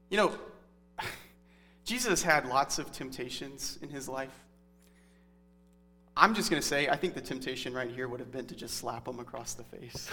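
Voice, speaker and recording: A man's voice: on the high side, expressive, normal speed, pushed and bright. A man in his thirties preaching a sermon in a conversational, earnest teaching manner. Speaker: pastor. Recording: long hall reverb.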